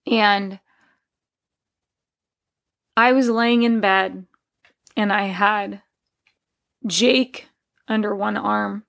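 A woman's voice: mid-range voice, gravelly. A woman hosting a podcast, sharing a personal story in a candid, heartfelt, conversational way. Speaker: podcast host.

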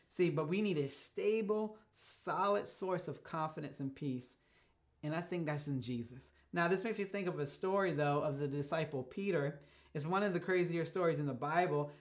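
A man preaching a sermon as a pastor, telling stories in a casual, conversational way and shifting his pace for emphasis. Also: a little high. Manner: casual storytelling preacher, speeds up and slows down for emphasis.

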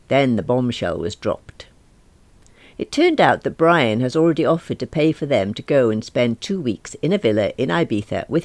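A woman's voice: rumbling low, a little mellow, no echo. A middle-aged woman narrating a comic diary novel in a wry, self-mocking manner. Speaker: audiobook narrator.

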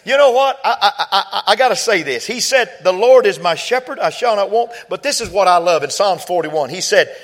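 A man preaching a sermon, quoting scripture and building from quiet talk to fervent shouting. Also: high voice, lively intonation, brisk, hardly any pauses.

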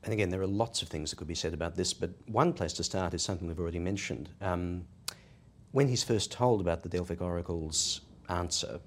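A man explaining ideas in a measured academic discussion, posing rhetorical questions as he goes. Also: low voice. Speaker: podcast discussant.

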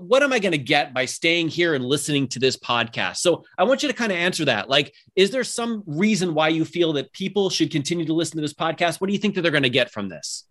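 Man, middle-aged, from Southern California, podcast host, enthusiastic, filler-heavy, slightly high voice. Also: fairly bright tone. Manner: upbeat, enthusiastic, many fillers. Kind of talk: casual interview chat.

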